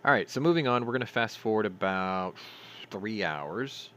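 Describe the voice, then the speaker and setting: Deep-voiced sarcastic man reading news. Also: expressive, moderate pace, a bit bright, clean tone. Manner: sarcastic, swears, stumbles over names. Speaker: news commentary host. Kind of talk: reading news with profane commentary.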